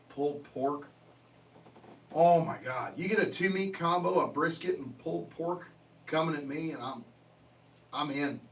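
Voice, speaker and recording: A man's voice: fairly high pitch, a bit bright, far from the mic, rough recording. A man hosting a livestream, chatting casually and answering viewer comments in a profane, joking way. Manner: profane, joking, laughs often. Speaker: livestream host.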